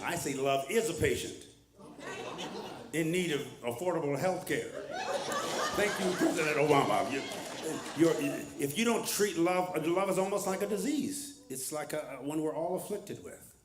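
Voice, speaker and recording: A man's voice: on the high side, animated, normal speed, echoey room. An older male pastor preaching a conversational sermon, mixing humor with teaching and calling out to the congregation. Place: church hall with a live congregation.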